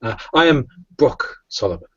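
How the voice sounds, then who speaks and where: A man voicing a polite, gentlemanly male vampire who speaks formally and hesitantly, in a dull lo-fi recording. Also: medium pitch, sing-song, moderate pace, slightly rough, no room sound, faint music behind. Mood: courtly.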